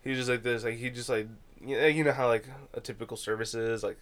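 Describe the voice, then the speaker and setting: A young man co-hosting a podcast who talks in a relaxed, slangy way, full of "like" and "dude.". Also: medium pitch, quick pace. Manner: laid-back, slangy, fills with "like" and "dude". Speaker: podcast co-host. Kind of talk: casual chat.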